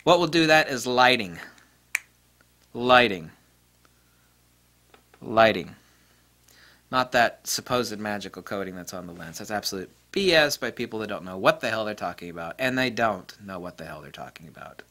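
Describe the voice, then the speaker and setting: A man's voice: on the low side, lively intonation, fairly quick, hardly any pauses, sharp tone. A man hosting a photography video, ranting in a blunt, sarcastic way, swearing freely, mocking other people's claims and laughing at his own jokes. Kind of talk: ranting casual monologue.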